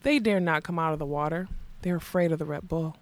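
A woman reading the lines of a mad, possessive old king, soft and menacing in turn. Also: sits low, a little fast. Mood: rapt. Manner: soft and menacing, turning fierce and childlike.

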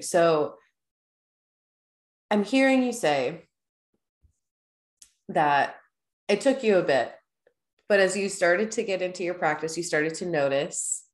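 A woman hosting an interview, calm and affirming as she asks her guest questions. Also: on the low side, echoey room. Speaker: host. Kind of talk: interview, yoga talk.

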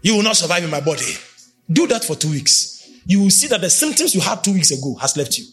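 Man preaching, high voice, wildly varied pitch, shouts then drops low, faint music behind. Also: big pitch swings, fast talker, husky. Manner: emphatic, swings between shouting and low intense speech. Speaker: prophet preaching. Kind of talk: sermon.

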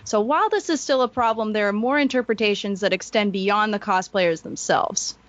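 A woman's voice: medium pitch, moderate pace, dull audio. A woman, a cosplayer, reading out her own account in a firm, matter-of-fact way. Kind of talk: read-aloud personal account.

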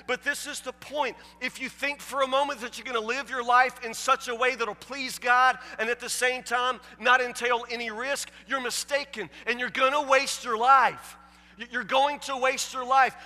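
A man preaching a sermon, emphatic and stammering, often asking if the listeners understand. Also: long reverb tail. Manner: emphatic, repeats "you understand?"; stammering restarts, drops low and soft for the story.

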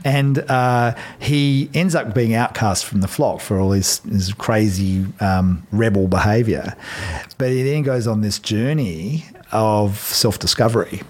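Husky Australian man in his fifties. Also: on the low side, a little slow, darkish tone. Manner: reflective, storytelling with frequent ums. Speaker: podcast guest. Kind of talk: casual conversation.

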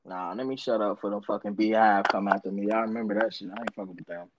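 A woman's voice: very deep voice, steady tone, quick pace, heavy background noise. A woman in casual conversation, talking animatedly, swearing freely and laughing often. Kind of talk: casual chat.

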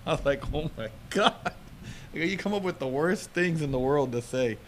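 A man's voice: on the high side, expressive, fairly quick, slight background noise. A man co-hosting a casual podcast chat, telling a long story in a rambling way and laughing often. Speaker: podcast co-host.

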